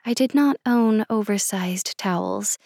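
A woman reading first-person fiction aloud, measured and expressive. She reads at a slow, deliberate pace in a middle pitch. The recording is close and dry. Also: no room sound. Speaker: audiobook narrator.

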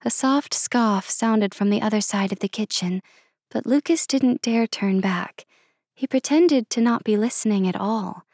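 A woman narrating first-person fiction in a measured, expressive reading style. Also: fairly high pitch, no room sound, studio quality. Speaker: audiobook narrator.

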